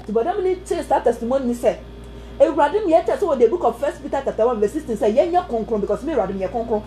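A woman preaching an animated sermon, telling a testimony with sudden exclamations and snatches of song. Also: high-pitched, racing, rough recording. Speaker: prophetess preacher. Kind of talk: sermon testimony mixing Twi and English.

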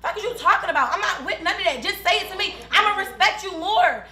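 A young woman with a very high, sharp voice, rattling out a furious, profane confrontation at speed. She keeps demanding the other person say it to her face. It all rings in an echoey room. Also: lively intonation, fast. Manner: loud, profane, accusing, repeats demands. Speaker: reality show cast member. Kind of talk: heated confrontation.

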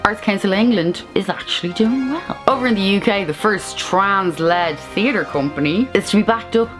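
A woman's voice: medium pitch, normal speed, over music. A woman with an Irish accent from Ireland, hosting a chatty theatre news vlog with playful, sarcastic asides. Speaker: theatre vlogger.

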